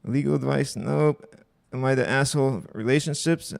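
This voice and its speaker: Young man, gravelly voice, blunt profane livestream host, dry close sound. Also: medium pitch, moderate pace, no echo. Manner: blunt, profane, offhand asides. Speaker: livestream host reading posts. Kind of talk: casual livestream commentary.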